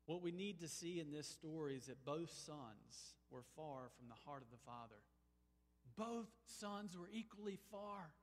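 A man preaching a sermon as a pastor, moving between emphatic, rising exclamations and quiet, pleading passages. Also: fairly high pitch, lively intonation, a little slow, in a large hall. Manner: emphatic, swings from soaring exclamations to hushed pleading.

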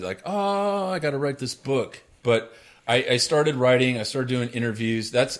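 A middle-aged man with a fairly low voice, a guest on a podcast. He tells his stories in relaxed chat, gets animated and laughs through them, and swears casually. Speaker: podcast guest, military author.

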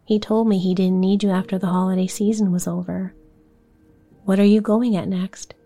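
A woman's voice: mid-range voice, flat delivery, normal speed, dark tone, lightly acted. A woman voicing a hearty, wise family doctor who asks probing questions, in a bedtime story.

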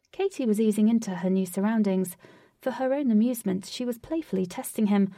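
A woman reading a story chapter aloud in a steady narrating voice. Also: medium pitch, creaky, husky, no echo, clean studio sound, recorded from a distance. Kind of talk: audiobook reading.

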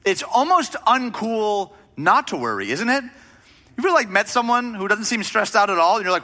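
A male pastor delivering a sermon in a bright, forceful voice pitched a little high. He keeps it conversational, leaning on emphasis and rhetorical questions to the congregation. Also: very animated, normal speed.

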